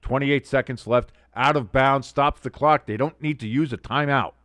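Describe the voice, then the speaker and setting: Man, streamer host: rowdy, cursing play-by-play with sudden shouts and low asides, dry close-mic sound. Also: moderate pace, no echo. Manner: excitable, profane, swings from yelling to muttering asides. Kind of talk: live game watch-along commentary.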